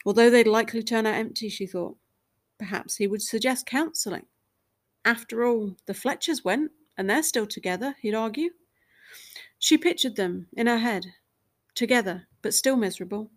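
Woman narrating a story, fairly high voice. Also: moderate pace.

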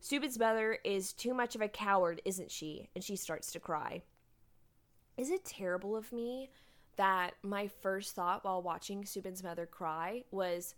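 A woman's voice: mid-range voice, measured pace. A woman co-hosting a casual podcast, animatedly summarizing drama episodes and laughing often. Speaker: podcast co-host recapping a drama. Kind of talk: casual chat recapping episodes.

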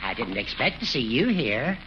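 An actor playing a sly, genial older judge in a 1940s radio comedy, speaking slowly and knowingly. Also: male voice, medium pitch, sing-song, sharp tone. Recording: dull noisy old radio recording.

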